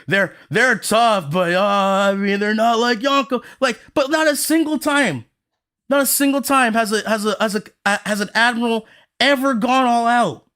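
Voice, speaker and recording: A man hosting a podcast, ranting heatedly and profanely, repeating himself and mimicking other people's arguments. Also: very high-pitched. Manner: profane, animated, repeats himself, mocks others in quoted voices. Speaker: podcast host. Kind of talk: heated casual rant.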